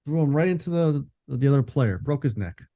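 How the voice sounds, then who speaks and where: A man's voice: medium pitch, lively intonation, fairly quick. A man co-hosting a sports podcast in casual chat, laid-back with brief replies. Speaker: podcast co-host. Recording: muffled lo-fi sound, off mic.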